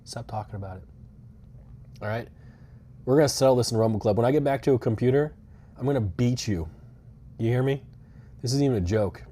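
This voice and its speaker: Live-streaming from a rental car during a road trip, this young man speaks briskly at a medium pitch, with a dark tone and long pauses. His talk is casual and rambling, peppered with swearing and dry sarcasm.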